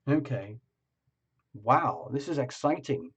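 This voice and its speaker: A man's voice: mid-range voice, sing-song, slow pace, breathy edge, dull audio. A man giving a casual tarot reading, meandering along and repeating words for emphasis. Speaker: tarot reader.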